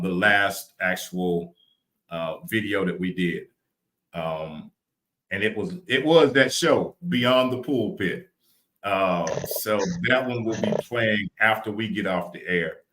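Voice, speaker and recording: A man from Louisiana, co-hosting a live podcast chat in an animated, preachy way, often repeating words. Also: fairly low pitch. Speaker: podcast co-host. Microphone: video call.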